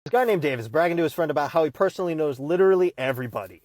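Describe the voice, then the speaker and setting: A man telling a joke story aloud in a lively, animated way. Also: fairly high pitch, racing, no echo.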